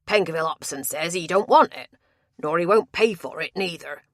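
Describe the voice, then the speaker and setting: A woman reading a big, sulky male tavern tapster with gruff rustic dialect speech. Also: lowish voice, fairly quick, no echo, clean studio sound, lightly acted. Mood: grumbling.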